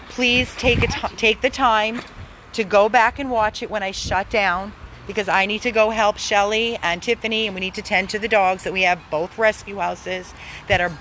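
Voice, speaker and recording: Bright-voiced woman making an urgent plea. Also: medium pitch, slight background noise, low-quality recording. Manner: emphatic, repeats words for stress. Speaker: animal rescue organizer. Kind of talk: pleading fundraising appeal.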